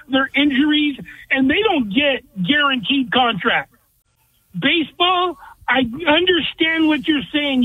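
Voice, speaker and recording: A man's voice: extremely high pitch, no room sound. A man calling in to a sports talk radio show, giving blunt, opinionated rants. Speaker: caller. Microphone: phone. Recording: dry tinny phone line.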